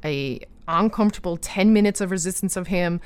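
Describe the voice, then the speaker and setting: A woman talking casually about her own life, earnest, with lots of fillers and restarts, growing animated when she retells disagreements. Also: fairly low pitch, a little fast. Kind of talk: personal storytelling chat.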